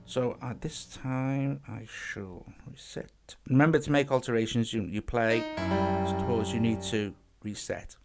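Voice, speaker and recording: A man's voice: mid-range voice, a little slow, creaky. A man hosting a casual music app demo, chatting and thinking aloud as he works, often restarting his phrases. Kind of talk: casual tutorial talk-through.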